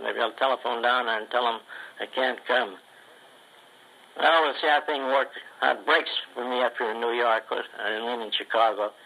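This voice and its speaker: A man's voice: mid-range voice, sharp tone, rough recording. An older man rambling in a folksy recorded letter. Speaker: ventriloquist.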